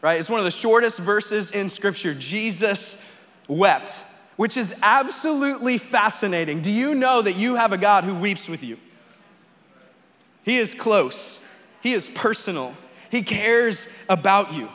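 High-voiced man preaching in a hall. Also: lively intonation, unhurried, a bit bright. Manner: conversational preaching, tag questions, rising to fervent quoted pleas. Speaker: pastor. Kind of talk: sermon. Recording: long hall reverb.

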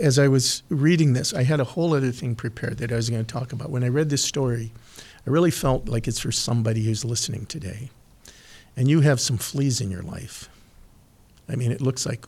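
A man giving an earnest devotional talk and prayer, speaking slowly and emphatically with pauses, at times emotional. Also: medium pitch. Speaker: podcast host giving a devotional.

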